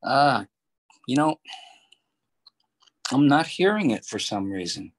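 An older man, a voice actor, answering interview questions over a video call in a relaxed, anecdotal way. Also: mid-range voice, takes it slowly. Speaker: voice actor guest.

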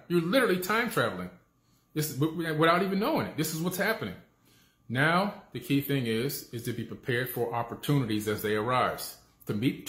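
A man's voice: medium pitch, fairly bright tone. A man giving a casual, emphatic motivational talk that repeats its key points and keeps asking "okay?". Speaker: motivational speaker. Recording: echoey room.

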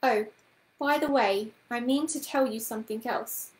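A prim, bossy storybook witch, as a woman reads her, clipped and scolding. The voice sits fairly high and rings in a roomy, echoing room. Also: moderate pace, lightly acted. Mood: firm. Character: prim brisk middle-aged woman, an amateur witch.

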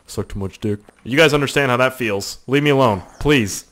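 Here a gaming YouTuber, young, Canadian and sore-throated, plays a survival game and talks over it in a loose, profane, rambling way with sudden excited bursts. He has a mid-range male voice and speaks at an ordinary pace.

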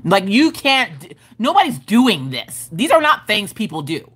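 A woman's voice: medium pitch, big pitch swings, moderate pace, hardly any pauses, a bit bright, husky. A woman hosting a casual craft livestream, rambling and joking with chat, often laughing and swearing. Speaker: livestream host.

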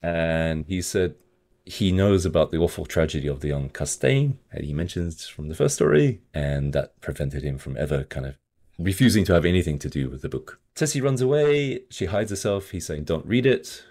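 Very deep, gravelly man recapping a book. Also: lively intonation, normal speed, darkish tone. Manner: loose plot recap with frequent hedging fillers. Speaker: podcast host. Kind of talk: casual book discussion.

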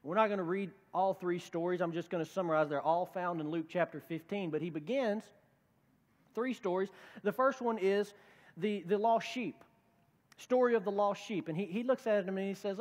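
Guy pastor preaching casual-style, kinda high voice, big echoey church sound. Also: normal speed. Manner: conversational preaching, acts out quoted voices. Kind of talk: sermon. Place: church sanctuary.

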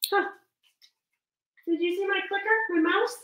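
Woman livestream host, high sharp voice, baby-talks her parrot, echoey room. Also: flat delivery, measured pace. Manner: coos baby talk to her bird, laughs often; reads out and thanks viewer comments. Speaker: pet parrot owner hosting a livestream. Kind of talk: casual livestream chat.

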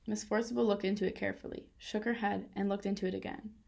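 A woman reading a children's novel aloud in a calm, steady way. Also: medium pitch, fast, creaky. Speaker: reader. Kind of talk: children's book read-aloud.

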